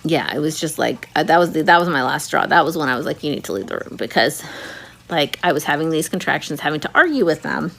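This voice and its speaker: A woman vlogger casually telling a personal birth story, animated and acting out the voices she quotes. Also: low voice, fairly quick, creaky.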